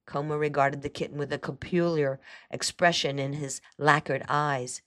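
Low-voiced woman reading a story. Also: fairly even intonation, moderate pace, a bit bright, dry recording. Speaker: host and reader. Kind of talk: reading a novel aloud.

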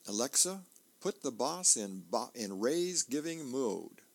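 A man voicing a hapless office-worker husband from a comic strip, with a slow, plain line reading. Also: mid-range voice, very animated, vocal fry, no echo, full character voice.

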